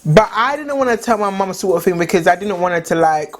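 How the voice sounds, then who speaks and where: A woman's voice: medium pitch, lively intonation, fairly quick, faint music behind. A young woman telling a story in a chatty way, many "like" fillers. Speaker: vlogger. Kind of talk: casual storytime chat.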